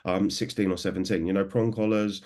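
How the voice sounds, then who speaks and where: A man's voice: low-pitched, steady tone, fairly quick, darkish tone. A man in his thirties, a dog trainer, talking enthusiastically in a conversational interview and acting out what others said. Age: 30s. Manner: enthusiastic, acts out quoted remarks.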